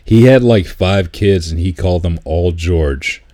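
Slow, very deep-voiced man chatting. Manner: laid-back, laughing, repeats words when excited. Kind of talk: casual chat.

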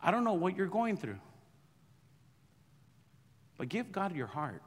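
Middle-aged male pastor, lively testimony, self-deprecating humor, slightly high voice, long church reverb. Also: measured pace. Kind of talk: sermon testimony storytelling.

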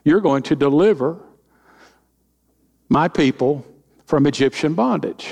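A man's voice: fairly high pitch, animated, unhurried, vocal fry, a little mellow. A middle-aged man preaching as senior pastor, in a folksy way with joking asides and acted-out quotes. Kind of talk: sermon with humorous stories.

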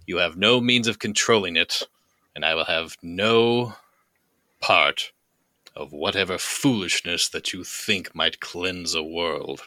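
A man's voice: low-pitched, bright, forceful tone, no room sound. A man voicing a stern mystic who solemnly refuses an offer.

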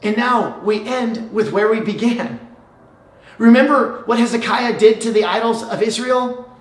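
Animated preacher in a roomy hall. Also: mid-range voice, a little slow, far from the mic. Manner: animated storytelling, shifts between hushed and loud. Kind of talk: sermon.

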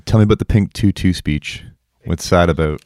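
A man's voice: low-pitched, a little fast, a little mellow, no echo, clean studio sound. A man interviewing a guest with short prompting questions.

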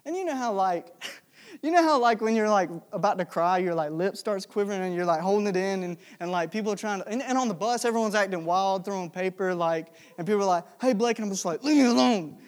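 A young man preaching a sermon in a relaxed, storytelling way, chatty and joking with lots of fillers. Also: high voice, fast talker. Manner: conversational, jokey, with many fillers.

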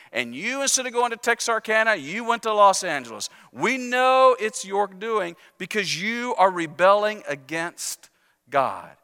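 Bright, high-voiced preacher in a reverberant church. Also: male voice, clean tone. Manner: conversational, self-deprecating storytelling; urges the congregation to repeat phrases. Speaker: pastor. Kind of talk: sermon. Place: church sanctuary.

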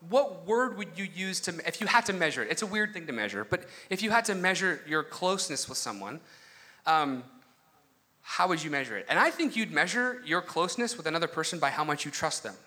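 A man's voice: on the high side, very animated, a little fast, bright, forceful tone. A young man preaching a casual, conversational sermon, full of asides and personal stories. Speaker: pastor.

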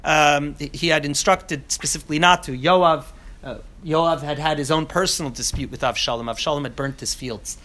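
A man teaching a class on scripture, talking in an animated way with many restarts and asides. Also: fairly high pitch, normal speed.

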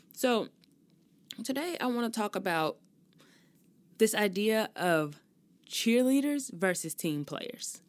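Young woman with a lowish voice venting on her podcast, cussing a lot, dry sound. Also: no room sound. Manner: expressive, ranting, with frequent cursing. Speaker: podcast host. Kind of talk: casual solo talk.

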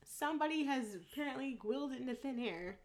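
A woman's voice: high-pitched, expressive, quick pace, darkish tone, a little hiss or hum. A young woman co-hosting a podcast in casual chat, blunt and swearing freely, laughing often. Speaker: podcast co-host.

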